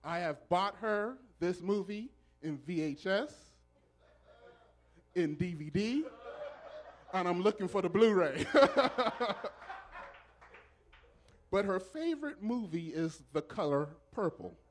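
A man who is a pastor, speaking in church in a preacherly style with loud exclamations and call and response. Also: sits high, expressive, a little slow. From Southern California. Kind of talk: church welcome speech. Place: church sanctuary.

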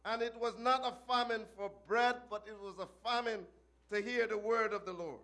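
A male preacher recounting a vision in an archaic biblical cadence, breaking into shouted refrains. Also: sits high, steady tone, moderate pace.

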